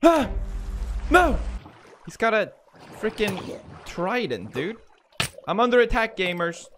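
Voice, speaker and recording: A man giving let's play commentary while gaming, excitable, shrieking in panic and cursing. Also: high-pitched, unhurried, a little hiss or hum. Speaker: gaming video creator. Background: music.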